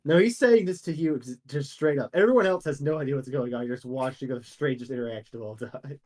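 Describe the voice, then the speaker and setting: A woman narrating as game master of a tabletop game, animated and often laughing. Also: rumbling low, fast talker.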